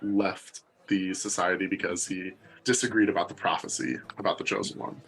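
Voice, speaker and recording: A man with a fairly low voice trades jokes about a novel on a podcast. He is casual and playful, often slipping into quick acted-out asides as he sums up the story. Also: steady tone, a bit bright, rough recording. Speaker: book podcast co-host. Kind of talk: casual book discussion.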